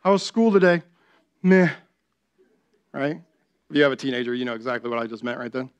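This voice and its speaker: A man's voice: medium pitch, expressive, rapid-fire, clean tone, dull audio. A young adult man preaching a sermon as pastor, talking conversationally and often asking the congregation "right?".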